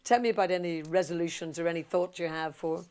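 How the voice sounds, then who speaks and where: A woman's voice: lowish voice, fast talker, a little mellow. A woman hosting a television interview, asking friendly but probing questions. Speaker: television host.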